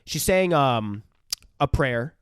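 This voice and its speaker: A man's voice: medium pitch, lively intonation, slow, clear, resonant tone, no echo, clean studio sound. A man co-hosting a podcast, casually recapping a film in a profane, rambling way. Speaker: podcast co-host. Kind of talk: casual film review chat.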